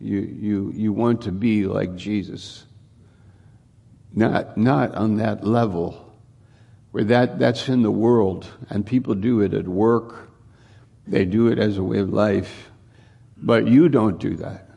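A male pastor preaching a sermon, unhurried and often repeating or restarting his words. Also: on the low side, fairly even intonation, gravelly, warm tone, slightly rough.

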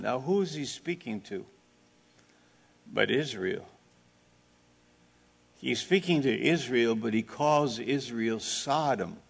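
A man preaching a sermon, slow and deliberate, asking his listeners rhetorical questions and speaking plainly with asides to them. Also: on the low side, creaky, fairly bright tone. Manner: plain-spoken, with asides and audience back-and-forth. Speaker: pastor.

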